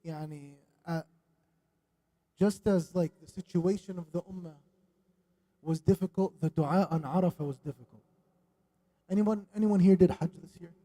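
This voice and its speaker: A man giving a religious lesson in a mosque, animated and questioning his audience, dropping Arabic religious phrases. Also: high-pitched, moderate pace, long pauses. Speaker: religious teacher. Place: mosque hall.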